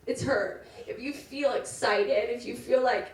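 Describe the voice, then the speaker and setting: Bride with a higher voice, speaking through tears and laughs, picked up from across an echoing room. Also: female voice, measured pace, darkish tone. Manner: tearful, laughing through her words. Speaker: bride giving a wedding speech. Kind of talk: emotional wedding speech. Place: wedding party at a cottage. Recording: roomy sound from a distant mic.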